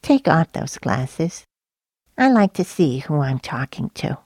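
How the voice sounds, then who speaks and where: Mincing, squeaky little man, languid and slow, played by a woman narrator, with an odd, removed tone. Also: very animated, darkish tone, dry recording, clean studio sound, full character voice. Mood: insistent.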